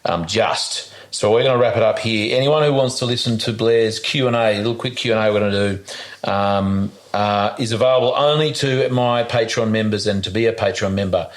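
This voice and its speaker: A podcast host leads a relaxed interview chat in a fairly low voice. He speaks haltingly, piling up fillers and false starts and restarts as he circles his point.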